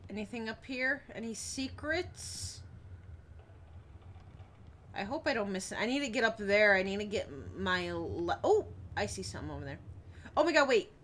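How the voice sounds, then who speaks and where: With a fairly bright, mid-range voice at a moderate pace, a young woman gives live commentary while streaming a horror game. She is jumpy and chatty, talking to her viewers and yelping whenever something scares her. A little hiss or hum runs through the recording.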